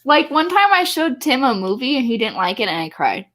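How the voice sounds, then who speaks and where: A woman's voice: high voice, big pitch swings, brisk. A woman co-hosting a casual podcast chat, giggling often and speaking openly about her feelings. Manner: giggly, warm, emotionally open. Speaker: co-host.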